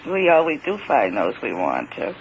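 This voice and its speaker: A man telling a strange encounter in the first person, in a hesitant, halting way that repeats words and grows emphatic. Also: medium pitch, wildly swooping pitch, gravelly. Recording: dull lo-fi recording with faint hiss.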